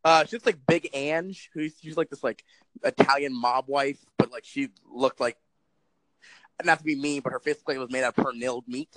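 A man's voice: medium pitch, moderate pace, a bit bright, dry recording, poor audio. A young man co-hosting a casual chat, rambling with lots of fillers, swearing and laughing often. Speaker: podcast co-host.

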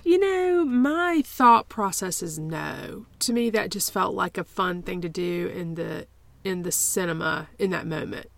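Woman cohost chatting, lots of stops and restarts, gravelly voice, dry sound. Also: on the low side, animated, measured pace, dry recording. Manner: hesitant, many restarts and repeated words. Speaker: podcast co-host. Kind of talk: casual chat.

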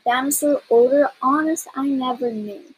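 A woman's voice: sits high, moderate pace, a little hiss or hum, close to an everyday voice, poor audio. Woman doing a big weepy stinky dinosaur. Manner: whiny, blubbering.

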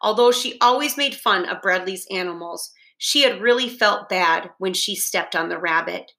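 A woman reading a children's novel aloud with steady, deliberate storytelling. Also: mid-range voice, vocal fry. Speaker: reader.

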